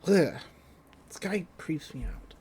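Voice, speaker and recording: A man's voice: on the high side, very animated, slow, mellow, a little hiss or hum. A man co-hosting a podcast, casually retelling an anime episode and paraphrasing the characters' lines. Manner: retells scenes, quoting characters in loose paraphrase. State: just woke up. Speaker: podcast co-host. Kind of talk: casual anime recap chat.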